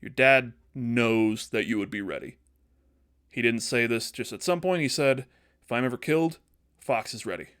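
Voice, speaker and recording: A man's voice: medium pitch, expressive, normal speed, fairly bright tone, smooth, natural voice. Man doing old hare wingman. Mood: gentle.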